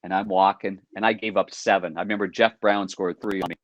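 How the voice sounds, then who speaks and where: A middle-aged man spins lively anecdotes in a lowish voice, now and then acting out other people's lines. The remote audio is dry and a little dull. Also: quick pace, no room sound. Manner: lively anecdotes, acted-out quotes. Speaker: podcast guest, former hockey goaltender. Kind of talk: casual storytelling.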